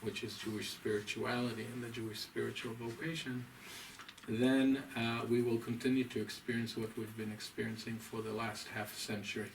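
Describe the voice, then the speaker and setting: Rabbi lecturing from across a room. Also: male voice, mid-range voice, level tone, gravelly. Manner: deliberate, emphatic, scholarly lecturing. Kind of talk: lecture to a small audience. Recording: distant mic, faint room noise.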